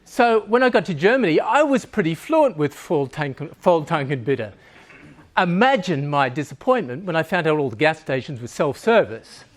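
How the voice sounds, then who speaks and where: Man, public speaker, lively up-and-down delivery, slightly higher voice, joking conversational tone, humorous live talk. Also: moderate pace. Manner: joking, conversational, laughs at his own lines.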